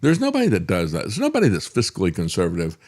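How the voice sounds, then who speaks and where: A man's voice: sits low, wildly swooping pitch, fast, darkish tone. An older man hosting a talk show, giving a sarcastic political monologue with chuckling asides and frequent "uh" fillers. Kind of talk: opinionated political commentary monologue.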